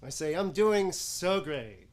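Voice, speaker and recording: A man's voice: high-pitched, animated, slow. An actor performing a stage comedy monologue as a weary, sardonic man telling about his day in a dry way. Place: acting studio stage before an audience.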